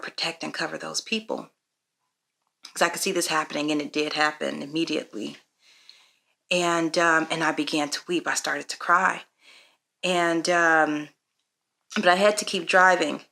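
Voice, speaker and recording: A woman, a mother, telling a personal faith story to camera in an earnest, reflective way, pausing often with "um". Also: on the low side, bright, forceful tone. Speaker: parenting vlogger. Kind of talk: personal testimony vlog.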